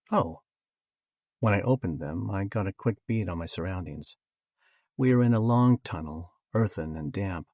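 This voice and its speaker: Male audiobook narrator, husky voice, dry studio sound, wry storytelling delivery. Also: deep voice, measured pace, a little mellow, no echo.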